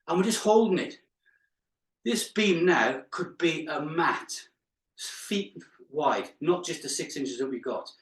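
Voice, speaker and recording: A man's voice: fairly high pitch, a bit bright. A male fitness instructor leading a live exercise class, counting reps aloud with chatty asides and laughing at his own jokes. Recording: echoey room, mic far off.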